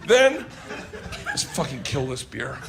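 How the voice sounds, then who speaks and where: A man doing stand-up storytelling, loud and excitable, laughing through his story and shouting the punchlines. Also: mid-range voice, slow, creaky, very noisy. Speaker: stand-up comedian. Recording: live stage recording with loud audience laughter. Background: loud crowd laughter.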